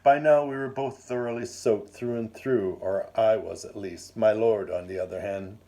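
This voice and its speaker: A man reading his own first-person story aloud in a measured, wry and formal manner. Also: on the low side, mellow.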